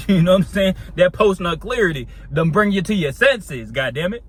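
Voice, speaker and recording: Young male storyteller, casual and slangy, fairly high voice. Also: very animated, brisk, breathy edge. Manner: laid-back, slangy, laughs between lines.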